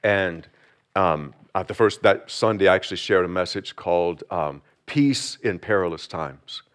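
Man preaching a fervent sermon. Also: deep voice. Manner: builds from quiet intro to fervent preaching, slow emphatic phrases; prays aloud. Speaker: pastor.

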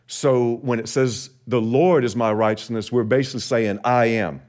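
A man preaching a Sunday sermon in church, rising and slowing for emphasis on scripture. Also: mid-range voice, fairly even intonation, darkish tone. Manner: rises and slows for emphasis when quoting scripture. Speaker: pastor. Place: church sanctuary.

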